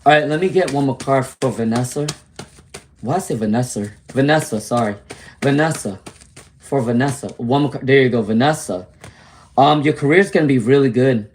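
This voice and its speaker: A man's voice: mid-range voice, brisk, slight background noise. A man doing a casual livestream tarot reading, talking in a slangy, candid way, greeting viewers by name and repeating his phrases. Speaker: tarot reader.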